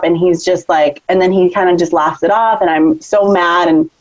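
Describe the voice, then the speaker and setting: Animated mom telling a story, lo-fi sound. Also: female voice, normal speed, few pauses, no echo. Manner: animated storytelling, acts out quotes with big pitch jumps. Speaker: podcast co-host. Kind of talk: casual chat.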